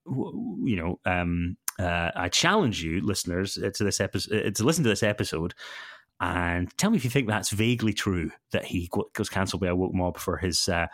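A man's voice: low voice, expressive, a little fast, no room sound, clean studio sound. A man co-hosting a casual podcast, talking with many ums and self-corrections. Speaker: podcast co-host.

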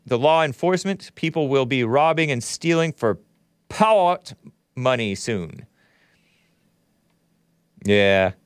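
A man's voice: fairly high pitch, smooth, no room sound, studio quality. A man hosting a livestream show, reading viewer chats aloud and giving blunt, opinionated commentary as he thinks aloud.

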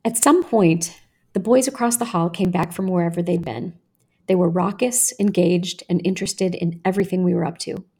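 A woman podcast host reading her own personal essay aloud in a measured, earnest way. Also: fairly low pitch, a little mellow, slightly rough.

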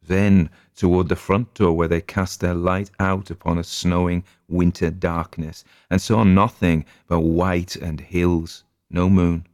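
A male narrator reads a spooky story in a very deep, gravelly voice, measured and atmospheric. The recording is close and dry, with no room echo. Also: flat delivery, darkish tone. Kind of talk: audiobook reading.

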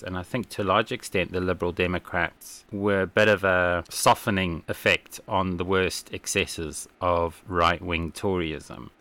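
Animated man hosting a podcast. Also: on the low side. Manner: opinionated, animated, laughs often. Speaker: podcast host. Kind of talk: casual political commentary.

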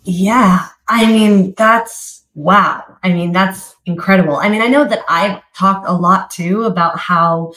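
A woman's voice: mid-range voice, steady tone, a little slow, hardly any pauses, fairly bright tone. A woman hosting an interview in a mid-range voice, with plenty of room echo around her. She chats casually and rambles a little, circling back with restarts before landing her point. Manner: rambling, many "I mean" and "you know" restarts. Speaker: podcast host. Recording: roomy echo.

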